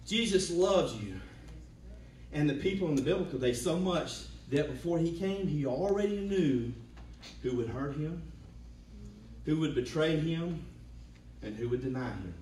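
Preacher guy in his 40s, lively sing-song delivery, sounds far off in a roomy church with soft guitar under it. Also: on the high side, unhurried, a little hiss or hum. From Georgia, US. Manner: preaching with hums, builds to shouts. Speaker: pastor. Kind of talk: sermon. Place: church sanctuary.

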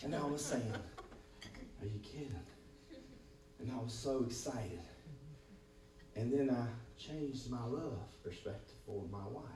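A man preaching a sermon as pastor, calling "Amen?" to his congregation and swinging between loud bursts and quiet, low passages. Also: unhurried. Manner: preaching with frequent "Amen?" call-outs to the congregation. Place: church sanctuary with congregation. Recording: echoey room, voice from far off.

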